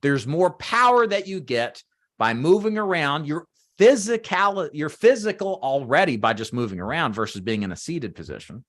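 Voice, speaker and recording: A man in his thirties coaching sales agents, emphatic and animated, acting out sample phone pitches on camera. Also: normal speed. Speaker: sales trainer. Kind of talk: training talk to agents. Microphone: webcam or desk mic on camera.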